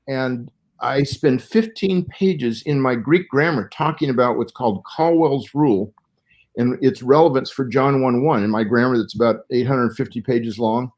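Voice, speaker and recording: At a medium pitch, a Southern California man in his sixties talks as a Bible scholar guest on an interview show. He takes a careful, lecture-style approach, breaking things down step by step.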